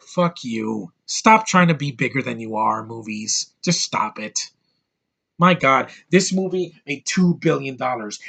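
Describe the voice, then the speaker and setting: A man's voice: medium pitch, vocal fry, a bit bright, breathy edge. A man in his thirties giving an angry, profane movie review rant, hammering his points with emphatic repetition. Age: 30s.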